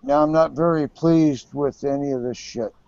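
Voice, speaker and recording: 50s guy griping and cussing, stammers a lot, dark mellow voice, dry dull lo-fi sound. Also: on the high side, steady tone, normal speed, no echo. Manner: bitter, profane, stammering repeats. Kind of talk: casual chat. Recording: dull lo-fi recording.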